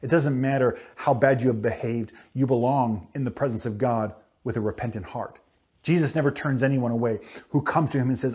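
A man preaching a sermon in church as pastor, animated and acting out quotes with playful voices. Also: medium pitch, a little fast.

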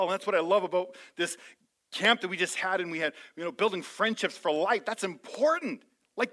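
A man preaching to his congregation in a high, bright voice. He surges into loud, fervent declarations, then drops to soft, chatty asides with easy humor. The delivery is energetic and personal, like a pastor talking straight to his people. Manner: energetic, swings from loud fervor to soft intimate asides, joking. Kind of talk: sermon.

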